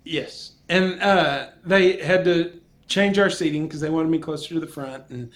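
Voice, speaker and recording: Man, high voice, casual chat, animated storyteller, laughing. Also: unhurried.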